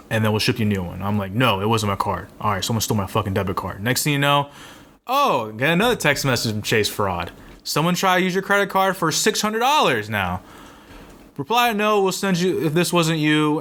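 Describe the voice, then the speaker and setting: A young man in his twenties co-hosts a podcast, telling a rambling story full of swearing in casual chat. His voice is lowish and a bit bright.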